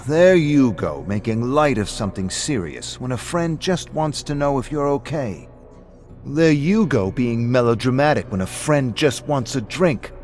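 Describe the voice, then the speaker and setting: A man voicing a loud, defensive drunk. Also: medium pitch, animated, unhurried, faint music behind, voice pushed up, natural voice. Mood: heated. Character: brash, defensive, drunk man who gets loud when pushed. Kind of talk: audiobook-style story reading.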